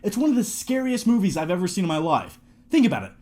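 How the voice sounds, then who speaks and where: Excitable jokey young man, lively voice. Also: high-pitched, fast talker. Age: 20s. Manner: jokey, excitable, throws in movie impressions. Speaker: movie collection reviewer. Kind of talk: casual chat to camera.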